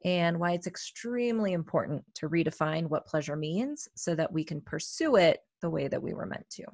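A woman's voice: on the low side, animated, normal speed, creaky, a little mellow, no echo, clean studio sound. A woman co-hosting a wellness podcast, talking in a chatty, reflective way with many fillers. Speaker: podcast co-host, therapist. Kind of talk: casual podcast chat.

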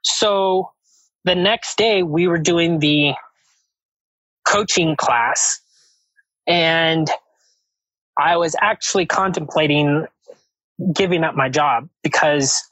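A man speaking as a podcast guest, talking slowly and hesitantly with many pauses and restarts. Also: on the high side, fairly bright tone, breathy edge, dry recording, low-quality recording. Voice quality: halting, hesitant, reflective. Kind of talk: casual chat.

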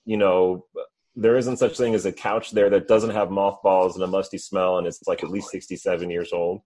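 Husky low-voiced guy rambling in easy casual chat, lots of ums. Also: little pitch movement, normal speed, dark tone. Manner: rambling, loose storytelling full of fillers.

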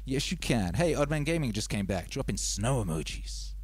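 A man hosting a live stream, chatting in a relaxed, rambling way and giving shout-outs to his viewers. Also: medium pitch, moderate pace, husky. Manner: laid-back and rambling, reading out chat shout-outs. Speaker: livestream host. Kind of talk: casual live-stream chat.

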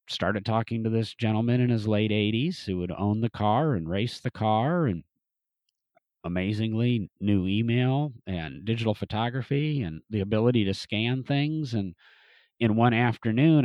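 A man's voice: fairly low pitch, a little mellow, dry recording. A man telling a long casual story about a car restoration, rambling with frequent restarts and fillers. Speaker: museum restoration specialist, podcast guest or host.

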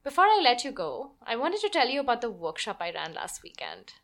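Lively woman podcast host, teaching marketing stories, voice swings up and down a lot, bit high. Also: brisk. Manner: expressive, animated storyteller. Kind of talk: teaching podcast with story reading.

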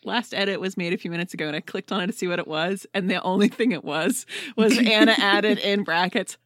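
A woman chats casually on a podcast, eager and laughing. Her voice is bright and sharp-edged, with a dry sound free of room echo. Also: medium pitch, brisk. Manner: enthusiastic, chatty, laughing. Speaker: podcast co-host. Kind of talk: casual chat.

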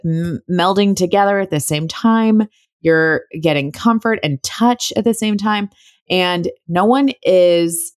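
A woman's voice: sits low, no room sound, studio quality. A young woman hosting a solo podcast, talking in a chatty, friendly way and breaking into laughs. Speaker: podcast host. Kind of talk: casual solo podcast talk.

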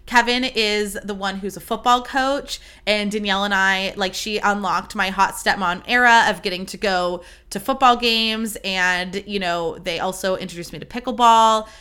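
Bubbly, bright-voiced woman podcaster. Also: medium pitch, moderate pace, hardly any pauses, smooth. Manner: bubbly, gushing, swears freely. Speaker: podcast host. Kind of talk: casual solo podcast chat.

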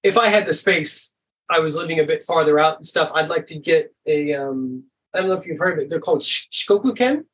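High-voiced man chatting loosely. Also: a little fast. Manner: relaxed and rambling, full of "and stuff". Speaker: podcast guest. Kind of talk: casual conversation.

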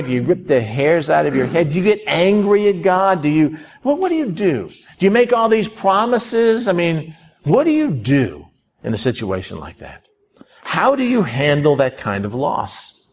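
Gravelly-voiced male preacher telling a story. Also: mid-range voice. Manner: storytelling, animated, with sudden rises and drops. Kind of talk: sermon.

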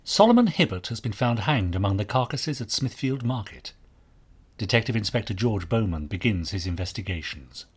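A man reads a novel aloud with expressive storytelling. His low, husky voice rises and falls in lively pitch. He is the author and podcast host. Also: normal speed. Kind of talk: audiobook reading.

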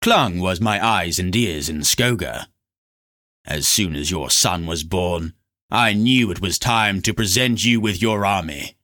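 A man's voice: deep voice, a little slow, sharp tone. A man voicing a scheming male black sorcerer who speaks in a smug, purring, mocking way. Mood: persuasive.

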